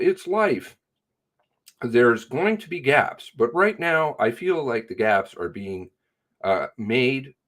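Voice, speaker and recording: A man reading news reports aloud and breaking in with sarcastic comments. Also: mid-range voice. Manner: sarcastic asides.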